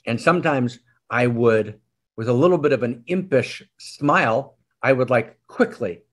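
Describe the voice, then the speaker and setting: A man giving a sermon as a spiritual teacher, telling a story in a wry, expressive and intimate way. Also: mid-range voice, a little slow.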